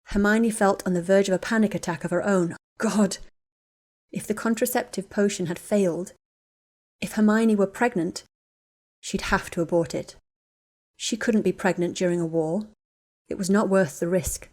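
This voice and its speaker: A woman narrates a story in plain audiobook fashion, her middling-pitched voice steady and measured.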